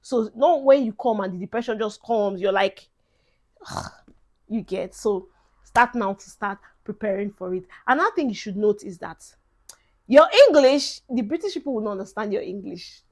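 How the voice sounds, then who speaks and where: A woman's voice: mid-range voice, lively intonation, moderate pace. A young Nigerian woman vlogging advice in a chatty, emphatic way, dropping Pidgin phrases into her talk. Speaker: vlogger giving advice to incoming students. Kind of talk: casual advice vlog.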